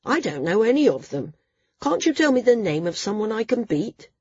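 A woman's voice: medium pitch, big pitch swings, moderate pace, darkish tone, breathy edge, no room sound, highs cut off, pitched above the performer's own voice. A woman voicing a hot-tempered, proud young man who snaps back, in a storybook reading. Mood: snappish. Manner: snappish.

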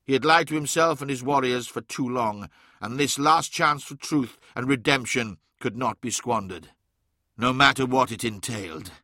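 A man reads a dark fantasy audiobook with dramatic intensity, his voice swelling on moments of fire and falling hushed on sorrow. The tone is bright and forceful, recorded close and dry with no room sound. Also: mid-range voice, moderate pace, no echo. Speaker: audiobook narrator. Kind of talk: scripted dramatic narration.

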